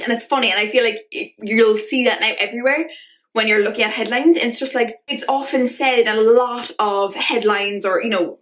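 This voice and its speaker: A woman's voice: on the high side, a bit bright. A young woman talking to camera in a casual vlog, ranting in an exasperated way and saying "like" constantly. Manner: ranty, exasperated, filler-heavy with constant "like". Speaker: vlogger.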